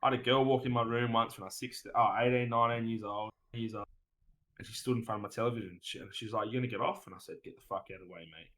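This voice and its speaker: An Australian man tells his stories as a podcast guest, rambling and swearing freely, tacking "mate" onto his sentences. His voice sits at an ordinary middle pitch for a man. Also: fairly even intonation, rapid-fire, fairly bright tone, rough recording. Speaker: guest streamer. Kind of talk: casual podcast interview.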